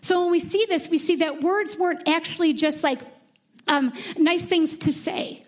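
High-voiced woman preaching casually. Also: normal speed. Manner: casual, animated, lots of "like" and "right?". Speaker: pastor. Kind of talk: sermon.

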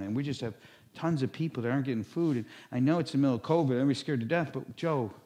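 A man's voice: mid-range voice, darkish tone. A male pastor preaching a sermon in a conversational storytelling way, with asides to the congregation and acted-out quotes.

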